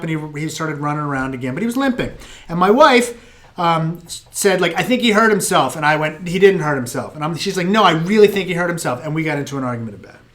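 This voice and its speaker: A middle-aged American man hosting a live viewer Q&A, telling stories in an animated, self-mocking way. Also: a little high. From United States. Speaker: host answering viewer questions. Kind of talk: live Q&A chat.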